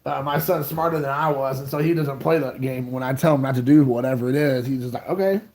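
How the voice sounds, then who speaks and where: A man's voice: mid-range voice, level tone, fast, darkish tone. A man in his thirties, co-hosting a podcast, telling a rambling, self-mocking childhood story in casual chat.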